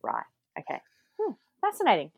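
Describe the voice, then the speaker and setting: A woman's voice: sits high, wildly swooping pitch, moderate pace, creaky, slightly rough, no echo. A woman co-hosting a podcast, chatting casually and asking friendly questions, laughing often. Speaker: podcast co-host. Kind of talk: casual chat.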